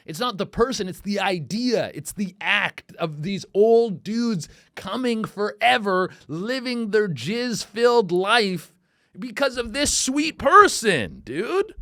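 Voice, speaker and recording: Man, thirties, comedy podcast host, crude rambling monologue, mumbled asides and loud bursts, slightly high pitch, dry close recording. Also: dry recording. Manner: profane, rambling, swings from mumbling to loud outbursts.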